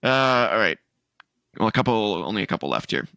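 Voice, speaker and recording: A man's voice: on the low side, very animated, fairly quick, sharp tone, dry recording. A man from Canada co-hosting a casual gaming podcast, who reads news aloud and laughs often. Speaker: podcast co-host.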